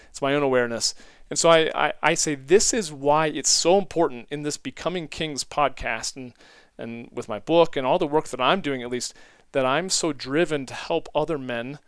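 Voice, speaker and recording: A man's voice: mid-range voice, clear, resonant tone, no room sound, studio quality. A man hosting a solo podcast, talking reflectively, rambling and correcting himself, often laughing at himself. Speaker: podcast host.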